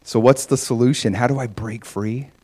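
A middle-aged man preaching a sermon, animated, often acting out voices in quotes. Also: mid-range voice, moderate pace, breathy edge. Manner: animated, acts out God's voice in quotes. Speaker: pastor.

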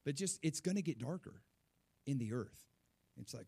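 A man delivering a sermon with animated, building emphasis, often doubling his words as he drives a point home. His voice sits slightly high for a man, and he sounds middle-aged. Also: normal speed. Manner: animated preaching with rising emphasis and repeated words. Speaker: pastor.

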